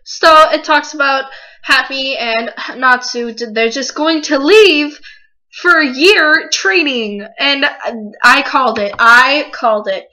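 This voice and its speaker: Excitable swearing woman with a bright voice. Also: fairly high pitch. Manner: emotional, excitable, swears freely. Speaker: manga reviewer. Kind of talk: casual video review. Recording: dull lo-fi recording.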